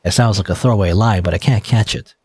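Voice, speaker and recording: A man's voice: on the low side, fast, a little mellow, breathy edge, dry recording. A man casually reading a visual novel aloud and chatting about it, rambling with lots of "like" and "you know". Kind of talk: casual let's-play commentary and narration.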